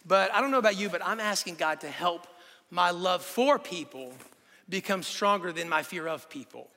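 A man's voice: high voice, moderate pace, long reverb tail. A man preaching a sermon, telling vivid stories and asking the crowd rhetorical questions. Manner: animated storytelling with rhetorical questions.

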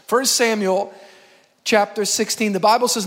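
A man preaching a sermon as pastor, animated, calling on the congregation to respond. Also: sits high, moderate pace, long reverb tail. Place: church sanctuary.

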